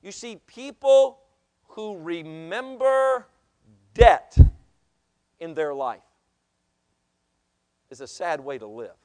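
High-pitched man preaching in church, goes loud then quiet, talks to the congregation. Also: sing-song, slow, long pauses. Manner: preaching with sudden swings from loud exhortation to hushed asides. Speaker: pastor. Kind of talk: sermon. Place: church sanctuary.

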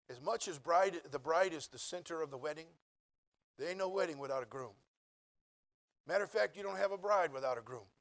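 A middle-aged man preaching a sermon, telling a funny personal story in a folksy, animated way. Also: a little high. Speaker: preacher and Bible college teacher.

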